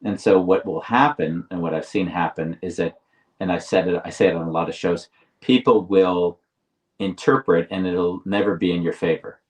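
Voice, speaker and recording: A man co-hosting a live talk show, explaining ideas deliberately and often restarting his phrases. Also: deep voice, distant mic, rough recording. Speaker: podcast co-host. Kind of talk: reflective conversational explaining.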